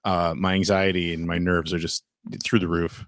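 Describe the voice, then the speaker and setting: A man's voice: deep voice, flat delivery, normal speed, no room sound, clean studio sound. A man co-hosting a podcast in casual chat, rambling with many restarts and fillers. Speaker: podcast co-host.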